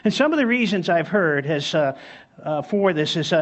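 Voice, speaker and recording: A man's voice: a little high, expressive, moderate pace, a bit bright. A man preaching a sermon as pastor, emphatic, repeating key phrases and telling stories.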